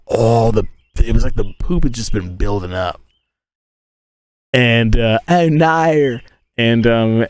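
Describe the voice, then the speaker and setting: A man in his thirties rambles through stories on a casual livestream, cursing freely as he goes. His pitch swings widely, and the sound is close and dry with no room echo. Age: 30s. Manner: profane, rambling, animated storytelling. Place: inside a tent.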